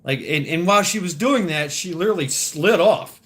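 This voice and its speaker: A man's voice: a little high, expressive, brisk, fairly bright tone. A man telling crude stories in a rambling, profane vlog rant, laughing between lines. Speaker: vlogger. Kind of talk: casual storytelling rant.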